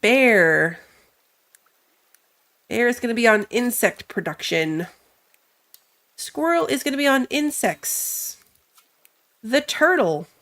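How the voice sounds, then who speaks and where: A woman's voice: on the high side, animated, takes it slowly, long pauses, a bit bright. A woman with a stuffy nose from allergies gives casual let's-play commentary. She thinks aloud as she plays, reads game text, and laughs at herself. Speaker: gamer. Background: game music.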